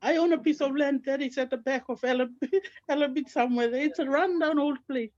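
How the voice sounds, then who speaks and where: A middle-aged woman, described as from Guinea and also as from Papua New Guinea, gives a heartfelt, earnest personal testimony on an online call as a team member sharing her story. Her voice is high and fairly quick with a darkish tone, and her manner is fervently religious. The lo-fi recording has no echo.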